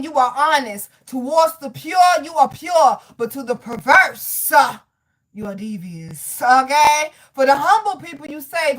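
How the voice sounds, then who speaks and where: A woman giving a casual spiritual tarot reading, reading scripture aloud in an emphatic, preachy way, blunt and profane, talking straight to her viewers. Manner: emphatic and preachy, swings between loud exclamations and low asides. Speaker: tarot reader.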